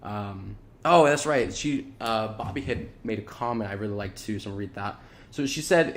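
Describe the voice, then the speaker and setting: A man's voice: lowish voice, moderate pace. A man hosting a casual spiritual monologue, rambling and earnest, with many "like"s and "you know"s and frequent repeats. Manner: loose, earnest, repeats himself.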